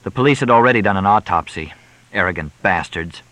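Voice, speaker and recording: A man's voice: low voice, expressive, brisk, fairly bright tone, no echo, poor audio. A man reading as a grieving, bitter young clerk. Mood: flat, weary.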